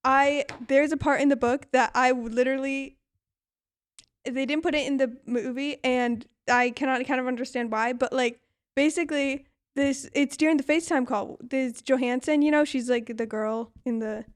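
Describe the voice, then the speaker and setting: A young woman co-hosting a podcast in casual chat, animated and laughing often as she retells scenes. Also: high voice, moderate pace, clear, resonant tone. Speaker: podcast co-host.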